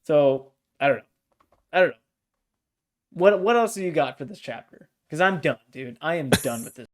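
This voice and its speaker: Blunt, fired-up man with a higher voice. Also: animated, moderate pace. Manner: blunt, exasperated, swears freely. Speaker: podcast co-host. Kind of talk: casual book discussion.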